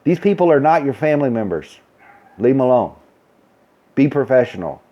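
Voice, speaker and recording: A man's voice: mid-range voice, big pitch swings, normal speed, dull audio. A man who works as a nursing supervisor, telling a story in a blunt, ranting way and acting out the dialogue. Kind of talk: casual storytelling rant.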